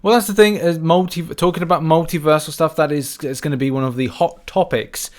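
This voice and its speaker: Relaxed man hosting a podcast. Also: a little high, fairly quick. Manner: relaxed, hesitant, many fillers. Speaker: podcast host. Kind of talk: casual podcast chat.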